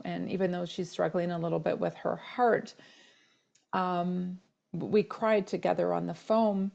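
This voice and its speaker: A woman's voice: fairly low pitch, steady tone, moderate pace, gravelly, darkish tone, muffled recording. A middle-aged woman hosting a solo podcast, telling a personal story in a candid, casual way with plenty of fillers. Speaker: podcast host.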